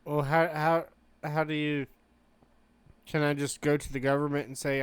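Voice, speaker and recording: Joking cursing podcast guy, clear resonant voice, no room echo. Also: fairly high pitch, flat delivery, normal speed. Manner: joking, swearing, trails off and restarts. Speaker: podcast co-host. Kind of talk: casual chat.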